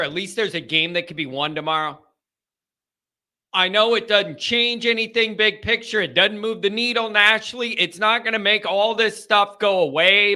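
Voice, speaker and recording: A man's voice: high voice, bright, forceful tone. A man hosting a live fan call-in show, venting his frustration and firing rhetorical questions at the chat.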